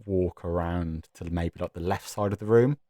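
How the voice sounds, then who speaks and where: Male player, very deep voice, laid-back, dry close mic. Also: moderate pace, mellow, no echo. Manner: laid-back, filler-heavy. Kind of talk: tabletop role-play chat.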